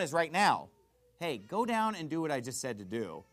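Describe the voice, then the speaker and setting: Guy preaching, lively and folksy, keeps asking "okay? right?", voice a bit high. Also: moderate pace. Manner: animated, folksy, checks in with the listeners. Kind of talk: expository sermon.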